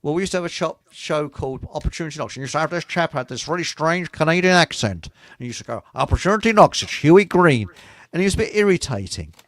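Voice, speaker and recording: A man's voice: on the high side, expressive, quick pace, hardly any pauses, a bit bright, no room sound. A man hosting a casual radio chat, rambling through anecdotes with chuckles. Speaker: host.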